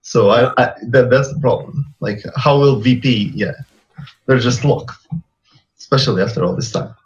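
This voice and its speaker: Mid-pitched man on muffled call audio. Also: moderate pace. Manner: reasoning aloud with restarts. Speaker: guest on a round-table discussion. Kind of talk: casual chat.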